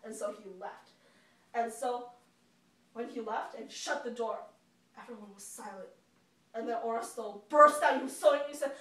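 A woman teacher telling a Bible story to children with lively expression. Her voice is fairly high, and it comes from across an echoing room, recorded from a distance. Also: moderate pace, pauses often. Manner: animated storyteller. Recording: echoey room from far off.

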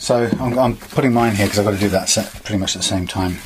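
A man's voice: on the low side, fast, noisy background. A man casually talking through guitar fret work in a workshop, rambling with many fillers as he explains each step. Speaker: guitar repairer.

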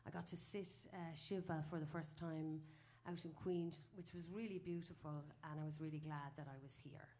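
A woman's voice: sits low, fairly even intonation, moderate pace, hardly any pauses, mellow. Chatty Irish woman talking from a stage. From Ireland. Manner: chatty and rambling, many "uh"s, laughs at her own stories. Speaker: folk singer on stage. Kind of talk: onstage banter between songs. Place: small live music venue.

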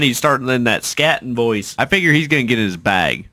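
Musician dude reacting to a track, chatty and hyped, kinda bright sharp tone, mid pitch. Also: male voice, a little fast. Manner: excited, chatty, thinking out loud with restarts. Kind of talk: casual reaction commentary.

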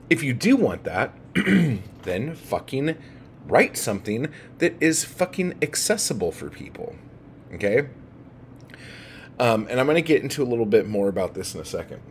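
Irritated male book vlogger, lowish voice, unhurried and profane, with a faint background hum. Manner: agitated, heavy swearing. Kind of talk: profane rant to camera.

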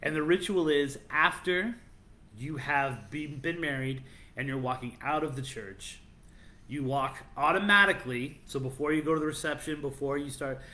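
Casting: playful male podcast host, bright tone, storytelling legends casually. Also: a little high, moderate pace. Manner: animated storyteller, playful and teasing. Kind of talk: casual chat, telling legends.

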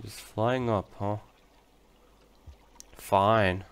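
Young male let's-player, low voice, sweary and self-talking. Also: fairly even intonation, extremely slow, smooth. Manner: swearing, frustrated outbursts and muttering to himself. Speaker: let's play gamer. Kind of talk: casual gameplay commentary.

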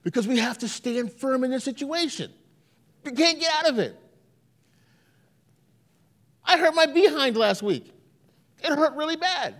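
A male pastor with an extremely high-pitched voice preaches in a church, unhurried and pausing often. His storytelling is animated, and he acts out the quoted lines.

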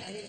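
A man's voice: fairly high pitch, creaky, very noisy. A male comedian on a TV panel show, telling a chatty anecdote and acting out the quoted lines of the people in it. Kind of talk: comic storytelling. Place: TV studio with live audience.

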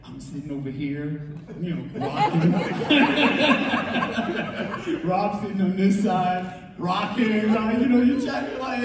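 Man, storytelling, slightly high voice, quotes in voices, roomy hall echo, far from mic. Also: slow pace, background noise. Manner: lively, acts out quotes with voices, laughs often. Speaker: music producer telling a story. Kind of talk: animated storytelling on a talk show.

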